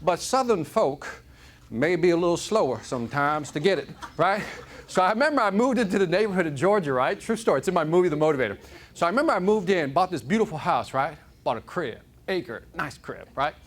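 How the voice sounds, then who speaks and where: Man, motivational speaker, high and animated, comic storyteller to a live crowd. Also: fairly quick. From Chicago, United States. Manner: energetic, joking, keeps asking "right?". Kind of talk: live keynote talk to an audience. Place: conference room with audience.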